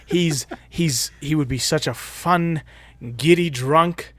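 A man's voice: a little high, slow, no room sound. A man co-hosting a casual podcast chat, playful and joking, laughing along with his partner.

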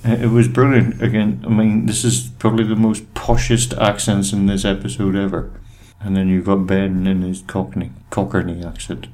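A man's voice: fairly low pitch, little pitch movement, moderate pace, dark tone. A man co-hosting a podcast, chatting casually with sarcastic, teasing remarks. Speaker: podcast co-host.

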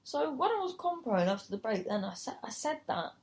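Speaking fairly quickly with big pitch swings and a voice on the high side, a female comedian and compere relates a gig story in a casual way. She swears freely and imitates the voices of other people.

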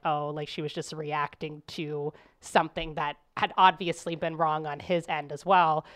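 A woman podcast host telling a story in casual chat, rambling with lots of "like" fillers. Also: sits low. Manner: rambling, full of "like" fillers, acts out quotes.

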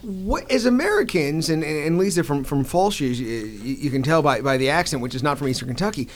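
A man's voice: fairly high pitch, lively intonation, a little fast. A man co-hosting a casual chat, asking questions with stammered restarts and telling stories.

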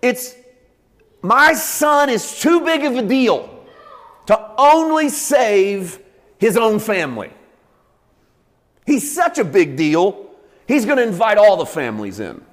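Preacher doing god as a big excited high voice, slow and emphatic, in a sermon. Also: male voice, big-room sound, full character voice. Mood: exuberant. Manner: emphatic, drawn-out, folksy. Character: booming, big-hearted God.

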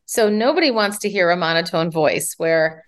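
Animated woman speech coach. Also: lowish voice, moderate pace. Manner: animated, demonstrates vocal variety while explaining. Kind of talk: advice interview.

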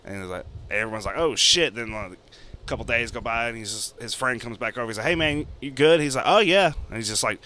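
A man's voice: fast talker, pushed and bright, a little hiss or hum. A young man co-hosting a podcast, casually retelling a story with lots of swearing and voicing the characters in it. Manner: rambling, swearing, acts out characters with jumps in pitch. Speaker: podcast co-host.

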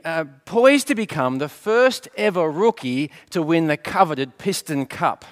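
Middle-aged man, pastor giving a sermon; expressive, rising and falling voice, light humour, fond of rhetorical questions. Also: fairly high pitch. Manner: asks rhetorical questions and answers them; light storytelling with gentle humour.

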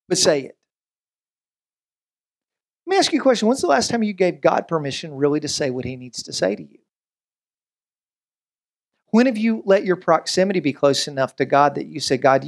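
A man preaching a sermon as pastor, conversational and animated, with quick asides and voiced quotes. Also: high voice.

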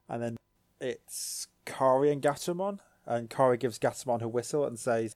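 A man co-hosting a casual recap podcast, who jumps into lively character voices as he tells the story. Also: medium pitch, no room sound. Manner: animated, acts out characters in quick voices. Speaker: podcast co-host.

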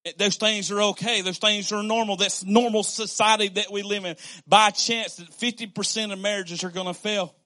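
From the pulpit, a male pastor preaches a lively sermon, chatting with his congregation as if in conversation. His voice is high for a man, bright and forceful, moving at normal speed with hardly any pauses. He repeats lines for emphasis and slips into small acted-out quotes.

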